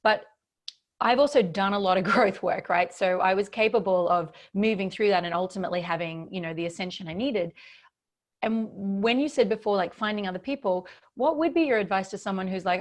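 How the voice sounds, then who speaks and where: A woman's voice: medium pitch, fairly quick. A woman hosting a podcast interview, talking candidly and reflectively with frequent fillers and restarts. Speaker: podcast host. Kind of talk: conversational interview.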